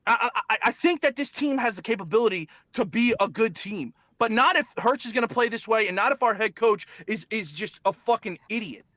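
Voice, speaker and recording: Ranting high-voiced man, profane. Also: animated, a little fast, few pauses, sharp tone, dry recording. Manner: angry, profane, repetitive ranting. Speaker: sports show host. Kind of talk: heated sports talk rant.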